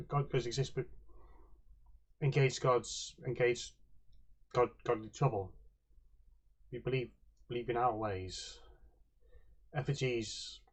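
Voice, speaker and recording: Small earnest creature voiced by a man, husky, halting broken speech. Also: medium pitch. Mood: solemn. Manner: halting, repetitive broken phrasing.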